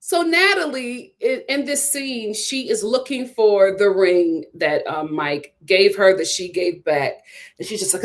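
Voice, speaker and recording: A woman's voice: medium pitch, unhurried. A woman giving a casual, opinionated live review of a TV episode. She laughs often and acts out what people said. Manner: chatty and opinionated, acts out quotes in voices; laughs often while talking. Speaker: TV show reviewer.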